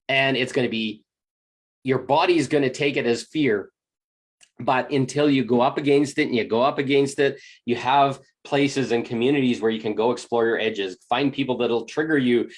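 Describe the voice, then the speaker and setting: A spiritual teacher giving a motivational talk, acting out inner voices with gasps and lively swings in tone. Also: medium pitch.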